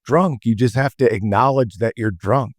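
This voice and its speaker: Chill guy host, mid-pitch voice, jokes around, super dry mic. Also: moderate pace, no room sound. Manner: easygoing, laughs often, jokey asides. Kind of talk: casual chat.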